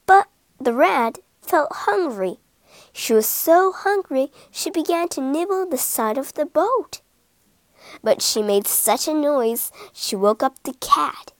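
High, lively woman reading a children's story. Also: no echo. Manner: slow, expressive reading. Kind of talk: scripted children's story narration.

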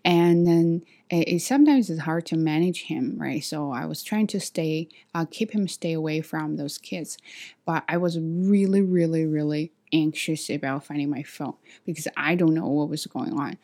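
A woman telling a story to camera in a vlog, hesitant with many fillers and restarts, animated when she acts out what others said. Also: sits low, moderate pace. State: sweaty after a walk. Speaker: vlogger.

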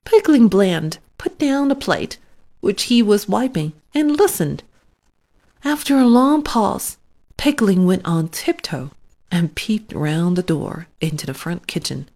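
A woman reads a children's storybook aloud, slowly and with care. Her pitch moves in a lively way through each sentence, and she lets the story unfold without hurry. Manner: slow, expressive read-aloud. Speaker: narrator. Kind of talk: storybook reading.

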